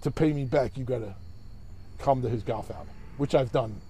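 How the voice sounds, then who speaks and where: A man's voice: mid-range voice, moderate pace, warm tone, slight background noise. A man, telling a long, rambling, profane story in casual chat and acting out other people's voices.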